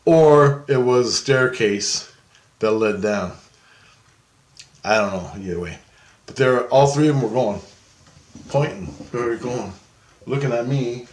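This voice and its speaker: A man with a mid-range voice recounts astral travel a little slowly, pausing often, in an echoey room. His telling is casual and meandering, with swearing, frequent laughter and impressions of the people in it.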